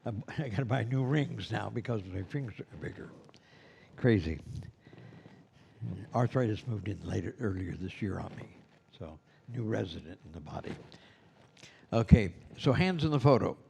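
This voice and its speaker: A man's voice: lowish voice, lively intonation, normal speed, creaky, pauses often, darkish tone, a little hiss or hum. A man teaching a class of Santas, talking in a loose, conversational way full of asides. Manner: rambling and conversational, with many "you know"s. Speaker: instructor at a school for Santas. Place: classroom with students present.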